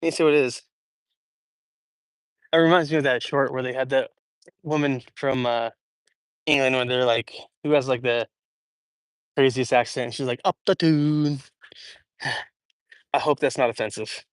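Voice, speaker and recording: A man's voice: medium pitch, steady tone, normal speed, long pauses, dry recording. A young man from Idaho hosting a casual walk-and-talk livestream outdoors in a park, hot and sweaty, chatty and rambling, with lots of fillers and restarts, reading and answering chat. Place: outdoors in a large public park.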